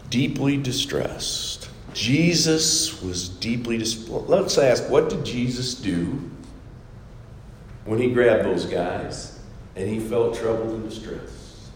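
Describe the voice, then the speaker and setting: A man preaching a sermon, dropping to a hush for scripture quotes and rising loud for emphatic asides. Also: medium pitch, expressive, slow, slight background noise. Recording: echoey hall with faint ambience.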